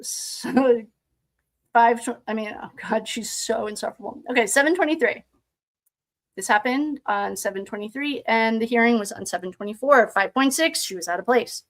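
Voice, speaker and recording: A woman's voice: a little high, moderate pace. Chatty woman reading records with sarcastic asides. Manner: sarcastic asides, thinking aloud while reading. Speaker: true crime commentator. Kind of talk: casual commentary reading documents aloud.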